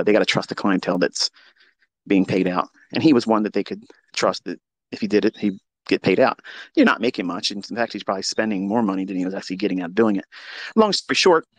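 A man telling a story in a casual monologue, profane and mocking, with sudden loud outbursts. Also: fairly low pitch, no echo. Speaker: trading educator on a live audio space.

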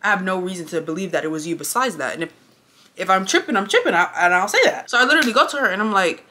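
A young woman with a bright, ringing voice tells a personal story straight to camera. Her delivery is animated and blunt, full of swearing. She sounds casual and close to the mic indoors. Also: medium pitch, fast. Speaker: vlogger. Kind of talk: casual storytime while getting ready.

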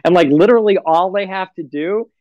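A man's voice: sits high, a little fast, dark tone, dry recording, highs cut off. Dry-sounding man mocking with a laugh. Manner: mocking, laughs often, rambling with fillers. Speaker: livestream guest. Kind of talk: casual chat on a livestream.

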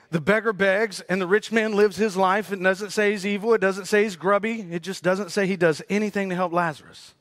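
Male pastor, high-pitched, dramatic preaching with hushed asides, dry close mic. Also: no echo. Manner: dramatic preaching, swings between loud rising peaks and hushed low asides. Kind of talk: sermon.

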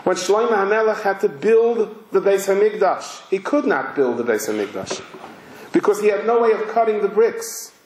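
A male rabbi giving a sermon, telling a story slowly and emphatically. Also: high voice, lively intonation, a little mellow, slight background noise. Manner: slow, emphatic, vivid narration. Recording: roomy hall echo.

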